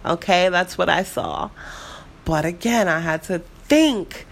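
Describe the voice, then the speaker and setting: Gravelly New York woman telling a story. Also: lowish voice, measured pace. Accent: New York City. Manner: rambling, animated, swears freely. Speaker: vlogger. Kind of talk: casual storytime chat.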